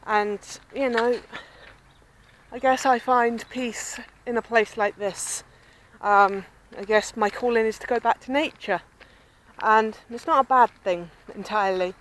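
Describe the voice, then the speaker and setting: A woman's voice: fairly high pitch, unhurried, a little hiss or hum, low-quality recording. A woman from Southampton with a southern English accent, chatting and rambling in a casual vlog as she walks by a river. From Southampton, southern England. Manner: chatty, rambling, self-described babbling. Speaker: vlogger. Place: outdoors by a river with swans and ducks.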